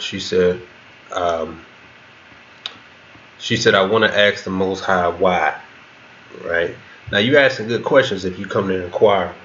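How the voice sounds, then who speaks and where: A man's voice: sits low, a bit bright. A man leading a Bible class, reading scripture and commenting in a loose spoken way with restarts. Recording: dull lo-fi recording with faint background noise.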